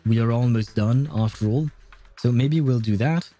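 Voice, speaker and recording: Mellow-voiced rambling male streamer. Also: mid-range voice, normal speed, faint music behind. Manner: rambling, self-correcting, laughs often. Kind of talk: casual gameplay commentary.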